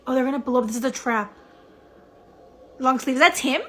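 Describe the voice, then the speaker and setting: A woman's voice: sits high, normal speed, a bit bright, faint music behind. A woman hosting a casual reaction video, chatty and emotional, swearing and laughing as she comments.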